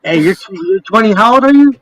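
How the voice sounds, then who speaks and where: A man's voice: high voice, expressive, a little fast, slight background noise, poor audio. A man in his late thirties calling into a livestream, chatting casually in street slang and calling people "homie". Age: 30s. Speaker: livestream caller.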